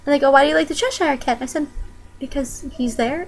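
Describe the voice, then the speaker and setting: A woman's voice: high voice, fast talker, vocal fry, a little hiss or hum, poor audio. A young woman chatting casually in a home vlog, bubbly and giggly, with sudden squeals. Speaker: vlogger. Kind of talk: casual chat.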